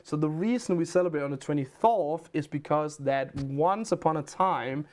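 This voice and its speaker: A man's voice: a little high, normal speed, darkish tone. A man from Denmark with a Danish accent, a livestream host telling rambling stories and answering chat questions in casual chat.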